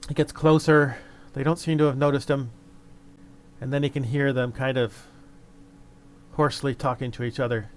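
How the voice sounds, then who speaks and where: A man's voice: medium pitch, little pitch movement, normal speed, long pauses, a little hiss or hum. A man narrating as game master of a tabletop game in a loose, hesitant way.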